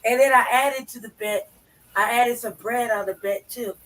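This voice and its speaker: A man's voice: very high voice, fairly even intonation, moderate pace, fairly bright tone, recorded from a distance, low-quality recording. A man co-hosting a casual podcast chat, cursing and boasting brashly. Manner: brash, profane, boastful banter. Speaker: podcast co-host.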